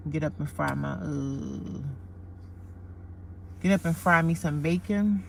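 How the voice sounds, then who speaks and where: Talking slowly in a deep, creaky voice, a woman rambles casually on a livestream from her parked car, repeating herself and calling her viewers y'all and honey. It's recorded on a phone camera with a little hiss or hum.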